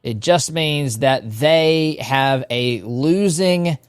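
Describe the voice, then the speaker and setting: A man's voice: a little high, drawn-out words, clear, resonant tone, no room sound, studio quality, faint music behind. A male radio talk show host delivering an emphatic political monologue, repeating phrases and speaking straight to his listeners. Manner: emphatic, repetitive addresses to listeners.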